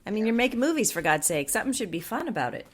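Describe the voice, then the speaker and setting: A woman hosting an interview, reacting with expressive interjections. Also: medium pitch, rapid-fire. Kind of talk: interview chat.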